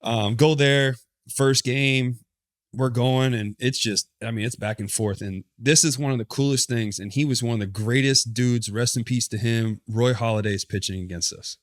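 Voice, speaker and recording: A man in a casual interview tells a story with lots of energy and plenty of swearing, and he keeps correcting himself in the middle of sentences. His pitch sits mid-range, and the sound is close and dry, with no room around it. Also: normal speed, dry recording. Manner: animated, profane, self-correcting storyteller. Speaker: podcast guest, former pitcher.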